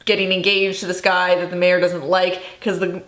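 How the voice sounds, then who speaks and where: A woman's voice: on the low side, completely flat delivery, normal speed, fairly bright tone. A young woman from Illinois chatting casually about books she dislikes, sarcastic and exasperated, with laughing asides. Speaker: book vlogger. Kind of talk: casual chat. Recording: echoey room.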